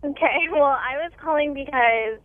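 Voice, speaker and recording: A woman's voice: high voice, normal speed, no echo. A woman in her twenties from Iowa calling in to a radio show, rambling casually with lots of "like" and laughing at herself. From Iowa, USA. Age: 20s. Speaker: caller. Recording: tinny phone line.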